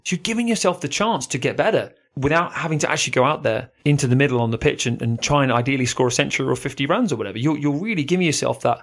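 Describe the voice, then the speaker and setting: Man, podcast co-host, casual chat, animated, mid-pitched voice. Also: rapid-fire, few pauses. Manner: animated storyteller, leans on comparisons.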